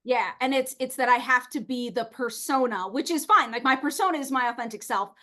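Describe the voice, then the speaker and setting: A woman chatting casually as a podcast guest, animated and outspoken, laughing often and acting out the people she quotes. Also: high-pitched, fairly quick. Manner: animated, outspoken, playful swearing and put-on quoted voices.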